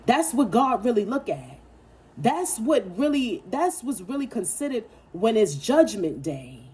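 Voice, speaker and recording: A woman gives a tarot reading in a mellow, slightly husky voice. She talks bluntly and swears freely. She preaches hard and repeats lines for punch. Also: a little high, very animated, unhurried. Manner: emphatic, preachy, repeats phrases for effect; profane and blunt. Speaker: tarot reader. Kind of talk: casual spiritual tarot reading.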